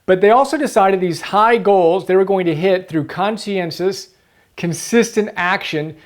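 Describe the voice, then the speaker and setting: A man's voice: sits high, unhurried. A man hosting a motivational book-summary video, earnest and emphatic, repeating key phrases for stress.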